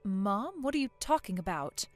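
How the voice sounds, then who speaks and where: A woman voicing a calm, weary middle-aged mother in a storybook tale, patient and level-headed, with faint music behind. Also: mid-range voice, moderate pace, no room sound, natural voice. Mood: puzzled.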